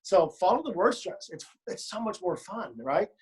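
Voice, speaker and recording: A man's voice: sits high, sing-song, moderate pace, breathy edge. A man leading a choir rehearsal, coaching pronunciation and word stress, modeling phrases by speaking and singing them, with playful joking asides. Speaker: choir director. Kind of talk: choral rehearsal instruction.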